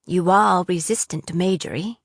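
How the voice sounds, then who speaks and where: A cold, menacing male interrogator who pushes with clipped questions, as a woman narrator reads him. His voice stays close to the reader's own middle pitch. The sound is dry and close. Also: normal speed, dry recording. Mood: pressing.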